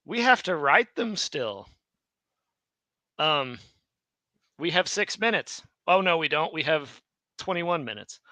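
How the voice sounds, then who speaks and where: A man's voice: fairly high pitch, big pitch swings, takes it slowly, long pauses, bright, forceful tone, no room sound, poor audio. A tired man hosting a live online Hebrew lesson and explaining grammar in a rambling way that corrects itself as he goes. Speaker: Hebrew teacher and stream host. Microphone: streaming mic.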